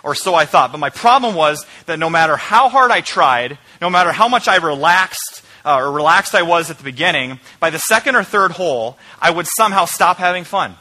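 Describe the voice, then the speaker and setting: A young man preaching from the pulpit, his voice bright and a little higher than most men's. He tells a personal story with energy, then drops into quiet, earnest reflection. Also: brisk, few pauses. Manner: storytelling, shifting between loud animated bursts and quiet earnest reflection. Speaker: pastor.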